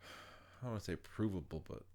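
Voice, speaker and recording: A man's voice: low voice, big pitch swings, creaky, warm tone. Hesitant man in casual chat. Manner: halting, full of fillers and restarts. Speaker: podcast co-host.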